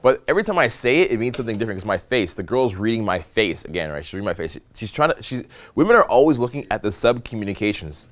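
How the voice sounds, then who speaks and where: Man, low-ish voice, seminar coach, animated, demonstrative, checks in with the room. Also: fast. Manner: animated, demonstrative, asks the room "okay?" and "right?" often. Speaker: dating and social skills coach. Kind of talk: live seminar teaching.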